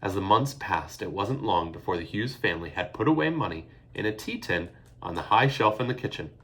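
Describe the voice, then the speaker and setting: Expressive male storybook narrator. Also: on the low side, brisk. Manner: expressive, hushed in tense passages. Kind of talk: storybook reading.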